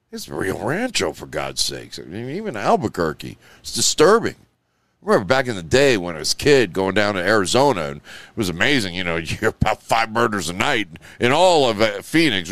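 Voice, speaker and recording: A man hosts his show in a loose, emotional ramble, his words padded with "you know" and "like." His voice sits on the low side. The sound is dry, with no room around it. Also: fairly bright tone, no room sound. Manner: emotional, rambling, heavy on 'you know' and 'like'. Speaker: show host. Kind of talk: rambling live show monologue.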